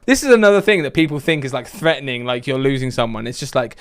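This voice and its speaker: A man's voice: medium pitch, fast talker, hardly any pauses, smooth. A young man telling comic stories about his customer service job in an exasperated, ranting way. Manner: exasperated ranting, mock deadpan. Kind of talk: comedic storytime vlog.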